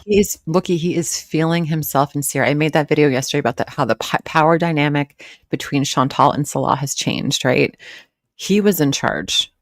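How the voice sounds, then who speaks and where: A woman's voice: low voice, fairly quick, dry recording, clean studio sound. A woman hosting a live reaction stream, mocking and swearing as she comments. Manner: sarcastic, profane, mocking.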